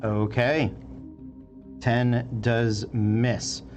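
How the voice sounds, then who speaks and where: Slow-talking male game master. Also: medium pitch, dull audio, faint music behind. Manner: relaxed, hesitant with many fillers. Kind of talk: narrating a tabletop game.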